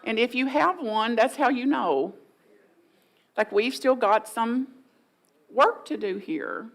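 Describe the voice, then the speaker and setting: A woman's voice: a little high, takes it slowly. A middle-aged woman, preaching a sermon in a folksy, playful way and acting out inner voices for the congregation. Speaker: guest minister.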